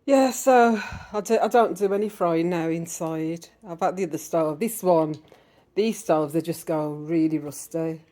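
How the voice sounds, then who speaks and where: This English vlogger, in her fifties and with a Wolverhampton accent, eats while casually chatting to camera from her home in Jamaica, rambling and laughing frequently. Her fairly low voice is mellow and measured in pace, heard in a reverberant space.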